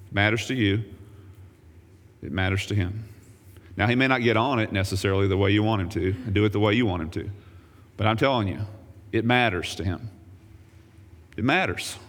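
A man preaching a sermon as pastor, swinging between loud raised emphasis and quiet low asides, with wry joking remarks. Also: fast, in a large hall.

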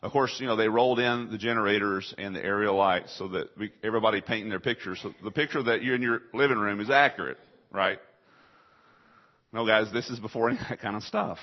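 Husky man preaching with big swings. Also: on the low side, fairly quick. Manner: emphatic preaching, swings from loud to hushed. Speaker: pastor. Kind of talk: sermon. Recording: dull lo-fi sound.

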